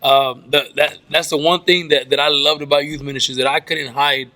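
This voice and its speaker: A man's voice: a little high, fairly even intonation, moderate pace, bright, forceful tone. A man, a pastor guest on a podcast, telling stories animatedly, repeating words and often saying "man". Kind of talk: casual chat.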